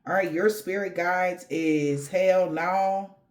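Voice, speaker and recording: A woman's voice: lowish voice, steady tone, slow. Slangy woman giving a tarot reading. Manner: slangy, rambling, talks straight to the viewer. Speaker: tarot reader.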